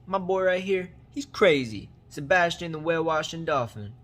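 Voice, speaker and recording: A man's voice: fairly high pitch, animated, moderate pace, fairly bright tone, pitched above the performer's own voice. A man voicing a brash young male fish who rambles in street-slang trash talk about his crazy friend. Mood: boastful.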